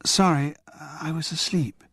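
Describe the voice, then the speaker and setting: A woman's voice: deep voice, steady tone, husky, no echo, studio quality, pitched above the performer's own voice. A man doing a sleepy, wary young woman. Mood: guarded. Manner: halting, wary replies.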